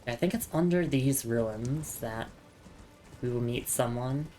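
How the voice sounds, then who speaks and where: A woman's voice: rumbling low, measured pace, dark tone, soft background music. A woman streamer chatting casually while playing a game, reading item text aloud to her viewers. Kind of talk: casual gameplay commentary.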